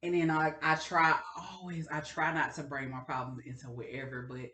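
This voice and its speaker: Bright woman, off-mic echo. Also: low voice, flat delivery, fairly quick. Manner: brief agreeing interjections. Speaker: podcast co-host. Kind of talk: casual chat. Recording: echoey room, distant mic.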